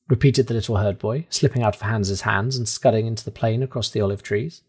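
A man narrating a classic adventure novel aloud, reading the first-person tale with dramatic, animated delivery and bright exclamations. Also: on the low side, a little fast, hardly any pauses, breathy edge. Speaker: audiobook narrator. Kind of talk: expressive storybook reading.

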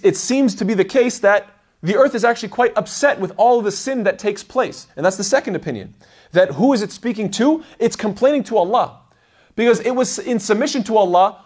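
A man giving an explanatory religious lecture as a Quran teacher, animated and acting out the voices he quotes. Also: high-pitched.

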